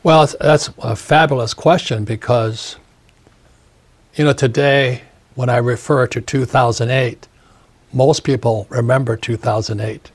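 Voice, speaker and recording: An older man in his seventies, a husky-voiced author giving an interview, ranting emphatically and repeating phrases. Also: medium pitch, steady tone, a little slow. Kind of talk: opinionated interview talk.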